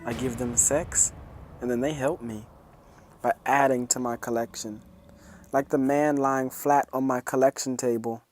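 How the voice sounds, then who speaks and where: A man narrating a horror story in a calm, measured reading. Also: medium pitch, faint music behind.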